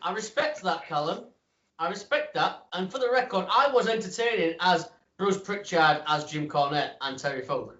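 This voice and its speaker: A man's voice: high-pitched, animated, normal speed, sharp tone, recorded from a distance. A playful man chats as a podcast guest and speaks in a wry tone. The room echoes around him. The audio is dull and lo-fi. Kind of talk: casual interview chat.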